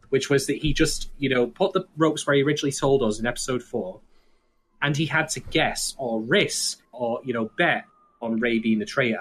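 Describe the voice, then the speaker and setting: A man hosting a casual podcast, talking in a measured, hedging way with many fillers. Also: medium pitch, a bit bright, slightly rough. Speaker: podcast host summarizing the episode.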